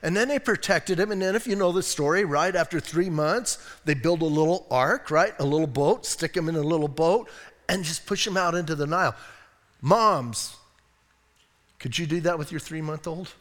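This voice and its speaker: His voice a little high and his pace moderate, an American man preaches from a church sanctuary, where a long reverb tail follows his words. As pastor, he tells animated stories with jokes and asides.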